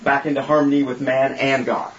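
Brisk and flat in delivery, this mid-range male voice leads a small group through an informal sermon and prayer, joking yet earnest. He serves as their leader and preacher, heard in an echoey room with slightly dull sound.

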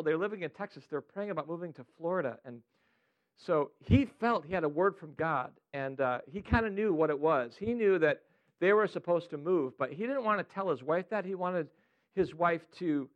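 A man leading an informal sermon-style teaching for a prayer group, animated and playful, asking the group questions. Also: sits high, dull audio.

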